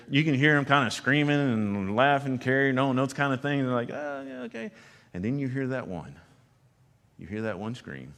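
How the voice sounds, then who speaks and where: A man preaching a sermon as pastor, swinging between loud emphasis and hushed, low lines. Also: long reverb tail. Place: church sanctuary.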